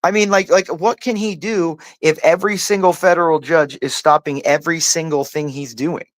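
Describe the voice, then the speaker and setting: Guy ranting hard, kinda high voice, swears a lot, says dude every other word, stutters on restarts, super dry mic. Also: steady tone, moderate pace, no echo. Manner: profane, rambling, heavy use of "like" and "dude"; restarts and stammers when worked up. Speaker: panel host. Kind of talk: heated casual political rant.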